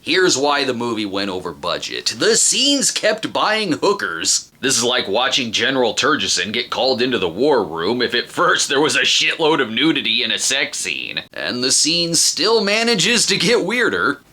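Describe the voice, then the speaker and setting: A wisecracking male reviewer in his forties talks in a bright, lively voice that leaps around in pitch. He jumps between flat deadpan asides and sudden loud jokes, with a dry sarcasm running under it all. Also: moderate pace, hardly any pauses. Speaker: film reviewer host. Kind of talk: comedic film review narration.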